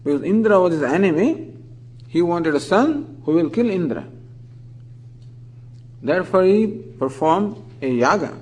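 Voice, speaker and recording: A man teaching scripture in a measured lecture, with a voice a shade higher than most men's. He pronounces Sanskrit words slowly and deliberately, then unpacks them in plain English. His pitch lifts when he wants to stress a point. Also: big pitch swings, a little mellow, poor audio. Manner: explanatory, reciting Sanskrit terms slowly, then expanding in English.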